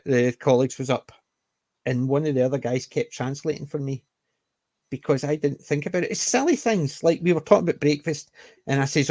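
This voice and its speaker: A Scottish man talking casually and at length, often restarting his sentences. His voice sits at an ordinary pitch. The sound is close and dry, with no room echo. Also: a little mellow. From Scotland. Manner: chatty, explains at length with many restarts. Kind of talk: casual chat.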